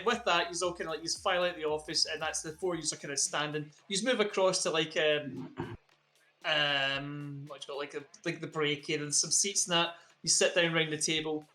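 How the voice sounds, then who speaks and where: A man's voice: fairly high pitch, sharp tone. A man running a tabletop game as game master, narrating in a loose, rambling way.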